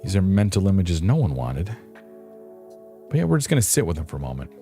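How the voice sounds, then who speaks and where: A man's voice: low voice, big pitch swings, brisk, mellow, faint music behind. A man streaming a game, chatting casually with viewers in a playful, rambling, self-mocking way. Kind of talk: casual live-stream chat.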